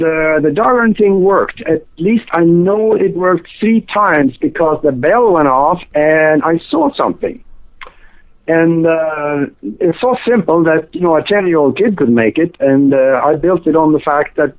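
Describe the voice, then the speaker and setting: An older man, talking slightly high as a guest calling in over a tinny cell phone line. He rambles and hesitates and pads his talk with fillers. The sound is thin and narrow like a phone call. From Norway. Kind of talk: casual interview.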